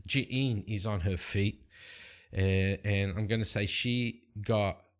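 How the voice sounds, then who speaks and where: A man narrating and playing a solo tabletop game at a desk mic, rambling and relaxed with plenty of fillers. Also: on the low side, slow. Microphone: desk microphone.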